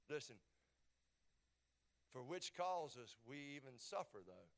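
A man preaching a sermon as a pastor in a nearly empty church, stammering through repeats as he swings between soft pleading and loud, fervent declarations. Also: medium pitch, animated, measured pace, long pauses. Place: church sanctuary, mostly empty.

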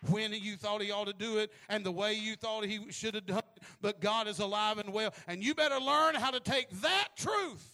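A man preaching a sermon who tells stories in a low voice, then builds to shouting, often repeating words as he starts phrases. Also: moderate pace, hardly any pauses.

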